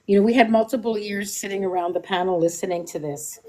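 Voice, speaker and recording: A woman's voice: mid-range voice, fairly even intonation, fast talker, crowd noise. A woman on a political panel, talking casually and animatedly over a video call.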